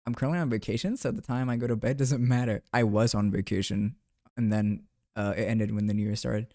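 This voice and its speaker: A man's voice: fairly low pitch, fairly even intonation, brisk, dark tone, no room sound, clean studio sound. A young man live streaming, chatting loosely with viewers while gaming, laughing a lot and swearing now and then.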